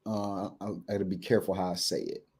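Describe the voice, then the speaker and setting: A man's voice: low voice, flat delivery, quick pace, a little mellow, slightly rough. A man speaks as a coach hosting a candid talk show. He is earnest and reflective, restarting his sentences and checking in with his listeners. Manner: earnest, reflective, many restarts and emphatic "right?". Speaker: men's coach and podcast host.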